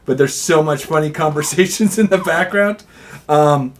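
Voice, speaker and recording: A man with a fairly high voice chats casually. He laughs often, swears freely, and jumps into loud put-on voices when quoting others. His stories come in quick bursts. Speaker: airsoft player. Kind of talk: casual chat.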